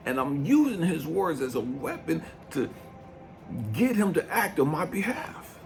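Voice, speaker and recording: A man in his fifties, a life coach giving a blunt, profane motivational talk. He swings from low brooding to loud, fired-up preaching. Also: very animated, measured pace, gravelly, faint music behind. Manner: blunt and profane, keeps asking "you know what I mean". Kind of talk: impassioned motivational monologue.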